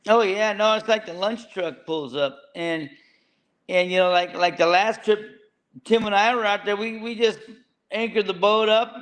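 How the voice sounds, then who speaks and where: A man's voice: high-pitched, moderate pace, a bit bright. A man, a fishing boat captain, talking plainly in an interview and often repeating words as he goes. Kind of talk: casual interview.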